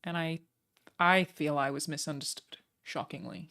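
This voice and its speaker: Bright-voiced young woman streamer, joking. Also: deep voice, fairly even intonation, creaky. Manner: chatty, joking and self-mocking, quick asides. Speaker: streamer reacting to a broadcast. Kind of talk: casual live-stream chat.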